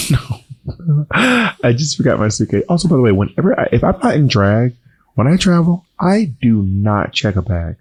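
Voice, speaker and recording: A man co-hosting a casual chat, teasing his co-host with quick back-and-forth questions, his voice held soft and quiet as he recovers from voice strain. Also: mid-range voice, big pitch swings, slightly rough. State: recovering voice, talking softer than usual. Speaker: podcast co-host.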